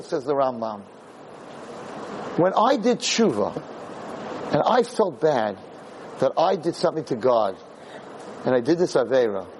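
Male Jewish lecturer, dramatic storyteller, fairly high and husky voice. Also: a little mellow, low-quality recording. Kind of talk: storytelling sermon.

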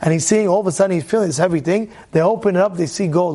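A man teaching an animated Torah lesson. He tells the story with energy, keeps repeating rhetorical questions to his listeners, and breaks into sudden loud outbursts. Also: high voice, racing.

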